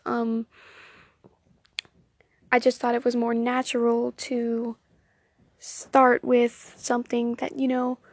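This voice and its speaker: A woman's voice: a little high, a little mellow, dry recording, studio quality. A young woman with a Southern US accent, hosting an amateur podcast into her phone and chatting casually with lots of ums and self-deprecating laughs. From Southern United States. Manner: rambling, self-deprecating, giggly, many ums. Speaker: podcast host. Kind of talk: casual solo podcast chat.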